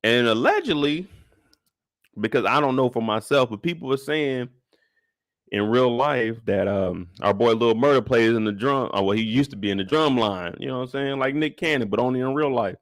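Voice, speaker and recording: Animated, profane young man ranting. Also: normal speed, no room sound, studio quality. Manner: profane, joking, rants with bursts of high-pitched outrage. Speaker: host of live TV recap show. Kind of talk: animated casual recap chat.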